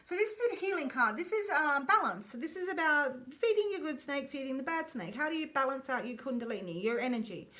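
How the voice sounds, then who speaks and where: A woman's voice: high voice, expressive, fairly quick, hardly any pauses, pushed and bright. A woman giving a casual tarot reading in a chatty way, repeating phrases and correcting herself, with playful joking asides. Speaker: tarot reader.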